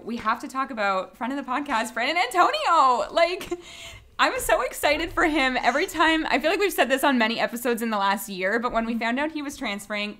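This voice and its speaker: A woman's voice: on the high side, sharp tone. A woman co-hosting a theatre podcast, chatting enthusiastically about a musical. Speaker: podcast co-host. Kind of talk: casual chat.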